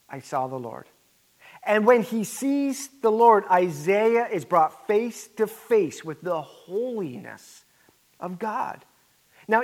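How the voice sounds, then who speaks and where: A man with a notably high voice preaches with earnest emphasis. He leans on repeated words and drops in casual "right?" asides to the congregation. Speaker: pastor. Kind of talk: sermon.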